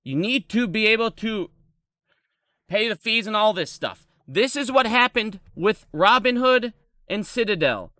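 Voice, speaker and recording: Angry cursing guy in his 30s, high voice, jumps all over the place, bright and dry. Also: no room sound. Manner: angry, profane, ranting. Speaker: streamer. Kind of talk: ranting live stream.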